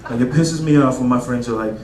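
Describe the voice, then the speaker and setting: A man's voice: medium pitch, fast. A man in his thirties doing a stand-up comedy set in a club, loose and conversational, with lots of fillers. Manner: loose and conversational, lots of "like", acts out voices in quotes. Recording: roomy club sound with crowd laughter. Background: audience laughing.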